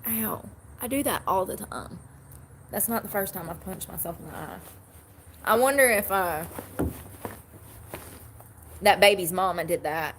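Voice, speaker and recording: A woman's voice: mid-range voice, lively intonation, a little slow, pauses often, a bit bright. Female livestream host, conversational and meandering, speaking into a phone with light background noise. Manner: chatty, rambling, reads and answers comments. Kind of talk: casual livestream chat.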